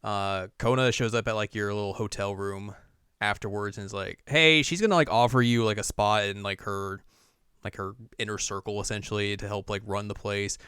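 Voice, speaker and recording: A man's voice: fairly low pitch, steady tone, a little fast, a bit bright, smooth, dry recording, clean studio sound. A man co-hosting a podcast, casually recapping a game story in a rambling way with lots of "like" and laughs. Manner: rambling, full of "like" and laughs, acts out characters. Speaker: podcast co-host.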